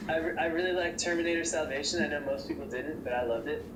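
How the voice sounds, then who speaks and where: A man's voice: fairly high pitch, quick pace, distant mic. A man chatting about movies, earnestly defending the films he likes. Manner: earnest, defends his picks. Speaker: movie reviewer. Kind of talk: casual podcast banter. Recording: echoey room, off-mic, noisy.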